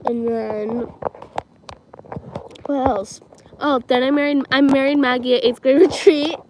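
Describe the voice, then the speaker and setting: A woman's voice: high voice, fairly even intonation, unhurried, background noise. A teenage girl telling stories on a livestream in a casual, chatty way, giggling often and filling her talk with "like" and "um". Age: teens. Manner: chatty, giggly, many fillers like "like" and "um".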